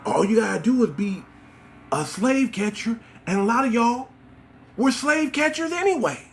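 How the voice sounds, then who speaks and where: A man's voice: extremely high pitch, lively intonation, normal speed, slight background noise. A man hosting a livestream, talking straight to his viewers in a mocking, rhetorical and preachy way. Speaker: livestream host.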